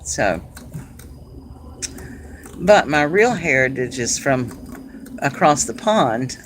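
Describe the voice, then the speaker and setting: A middle-aged woman from South Carolina with a Southern accent, chatting casually and warmly with viewers on a live craft stream, laughing often. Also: rumbling low, big pitch swings, very slow, long pauses, slight background noise, low-quality recording. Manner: chatty and homey, laughs often, says "y'all". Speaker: craft channel host.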